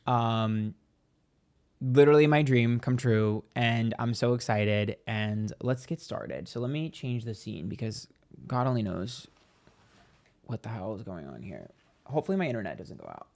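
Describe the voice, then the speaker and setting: A man's voice: lowish voice, lively intonation, moderate pace, a little mellow. A man in casual vlog chat, telling a story with lots of "like" and acted-out reactions. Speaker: tarot reader and YouTuber.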